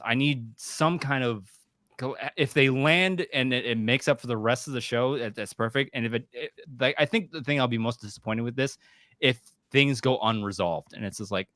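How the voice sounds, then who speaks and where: A man co-hosting a podcast, speaking in a halting way and searching for words. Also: medium pitch, a bit bright, no room sound, clean studio sound. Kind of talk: casual live discussion.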